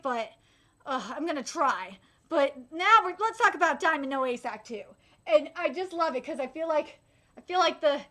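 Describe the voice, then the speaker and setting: Excitable young woman gushing about anime. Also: high-pitched. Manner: gushing, excitable, swears, many fillers. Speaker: channel host. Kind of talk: casual anime news chat.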